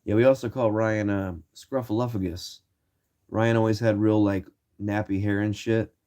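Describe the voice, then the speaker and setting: Young ohio dude streaming, kinda low voice, warm and relaxed, cussing thru his stories. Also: normal speed. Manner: loose, swearing, acts out quoted shouts. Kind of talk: casual storytelling.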